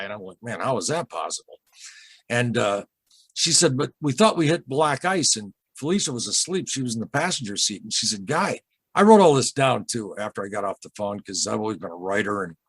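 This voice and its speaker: Husky man telling a rambling story. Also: medium pitch, dry recording. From Michigan, USA. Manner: rambling, halting, with many repeated starts and asides. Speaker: interview guest recounting a UFO encounter. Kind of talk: emotional storytelling in a casual interview.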